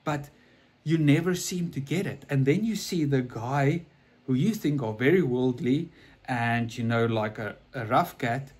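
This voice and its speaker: A man's voice: mid-range voice, unhurried, a little mellow, breathy edge. A man preaching a sermon in a conversational, storytelling way, earnest and often repeating or restarting his words.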